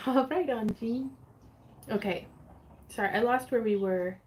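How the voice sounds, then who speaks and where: A woman's voice: fairly high pitch, a little slow, a little mellow. A woman hosting a casual crafting livestream from her home craft space, chatting in a bubbly, giggly way and reading viewer comments aloud.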